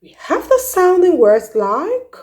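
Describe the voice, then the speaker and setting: Very slow, careful woman teaching pronunciation. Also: very high voice, very animated, darkish tone. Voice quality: carefully enunciated, drawn-out demonstrations. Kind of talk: slow, deliberate pronunciation lesson.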